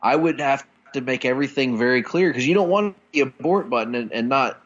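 A man's voice: mid-range voice, a little fast, a bit bright, highs cut off. A man co-hosting a podcast, chatting in an easygoing, joking way. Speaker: podcast co-host. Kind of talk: casual chat watching a film.

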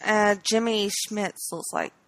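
A woman co-hosting a podcast, talking casually with a wry, laid-back manner and quick jokes. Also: mid-range voice, fairly even intonation, a bit bright, a little hiss or hum. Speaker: podcast co-host. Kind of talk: casual TV chat.

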